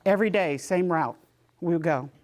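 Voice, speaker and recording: A woman, giving a community health talk and telling lively personal stories, acting out the voices of the people in them. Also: lowish voice, moderate pace. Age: 60s. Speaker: presenter.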